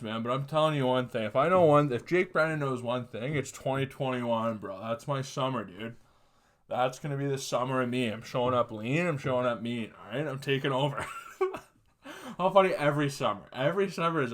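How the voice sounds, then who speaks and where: A young man from Canada hosting a podcast, telling rambling, sarcastic stories with plenty of swearing and quick laughs. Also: medium pitch, lively intonation. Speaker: podcast host. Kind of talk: casual comedic monologue.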